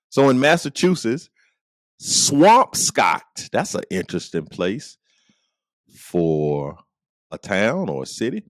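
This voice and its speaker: Animated joking podcast host man. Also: medium pitch, dry recording. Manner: animated, joking, laughs often, playful asides. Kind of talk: comedic podcast monologue.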